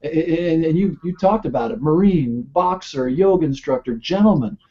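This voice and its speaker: Fervent man with a mellow raised voice. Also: fairly high pitch, animated, normal speed. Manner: stumbling starts, then fervent. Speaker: guest, fire captain. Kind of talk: earnest panel talk. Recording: muffled lo-fi web call audio.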